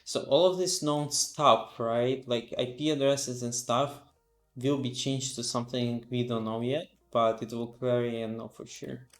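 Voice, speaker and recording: A sleepy man on a casual live stream talks through his work aloud, stopping on fillers and restarts. His voice sits at an everyday middle pitch and sounds roomy and echoey, with faint music under it. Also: steady tone, measured pace. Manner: thinks aloud, reads docs aloud, frequent fillers. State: sleepy, yawning.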